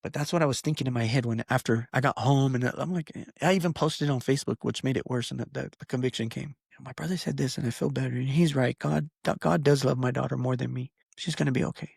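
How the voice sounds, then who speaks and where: A man's voice: medium pitch, fairly even intonation, fast, creaky, few pauses, a little mellow, breathy edge, no echo, studio quality. A man co-hosting a podcast, telling a personal story in an earnest, rambling way with many fillers and restarts. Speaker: podcast co-host. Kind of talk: casual podcast chat.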